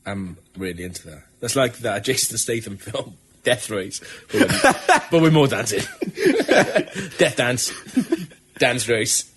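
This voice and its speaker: Man, podcast host, crude jokes, self-mocking, animated pitch. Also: slow pace, slight background noise. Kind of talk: casual comedy chat.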